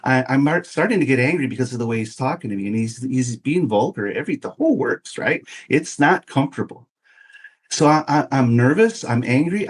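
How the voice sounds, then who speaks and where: Man in his 50s spinning a story on a podcast, animated, does little voices for the people in it. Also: medium pitch, breathy edge. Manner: animated, acts out quoted voices. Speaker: podcast guest. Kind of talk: casual storytelling.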